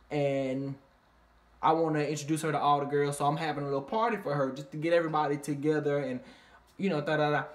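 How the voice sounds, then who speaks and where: A chatty, foul-mouthed reviewer runs through a reality-TV episode in a loose, animated way. The speech is packed with swearing and fillers, and the pitch sits in the middle. Every so often the voice shoots up into squealing impressions of the people on the show. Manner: animated, swears constantly, fillers like "you know what I mean"; jumps into high squealing impressions of others. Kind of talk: casual profane recap vlog.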